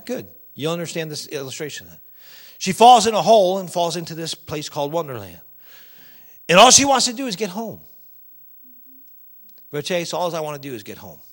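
A man preaching a sermon, emphatic and animated, addressing the congregation directly. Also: on the high side.

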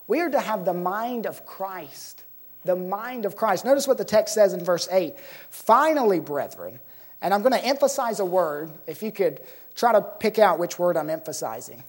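A woman preaching to a congregation at a middle pitch. She puts questions to her listeners and stretches out the words she wants to land. Her delivery is emphatic and unhurried. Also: a little mellow. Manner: emphatic, slows to stress key words. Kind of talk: sermon.

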